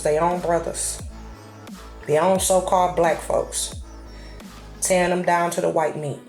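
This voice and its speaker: A woman's voice: on the low side, little pitch movement, a little slow, pauses often, darkish tone. A woman host giving casual commentary to her camera, blunt and profane, telling her stories with animation. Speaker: channel host. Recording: echoey room with faint music.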